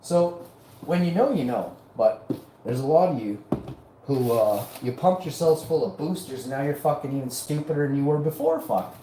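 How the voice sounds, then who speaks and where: A man's voice: medium pitch, moderate pace, dark tone, a little hiss or hum. A man hosting a live show, ranting in a profane, combative and mocking way. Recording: roomy echo.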